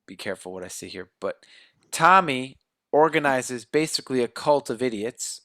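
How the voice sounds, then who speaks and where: A man co-hosting a podcast goes over a horror movie's plot casually, rambling and cracking jokes as they chat about the film. His voice is medium-pitched, expressive, and a bit bright, at a moderate pace, with clean studio sound and no echo.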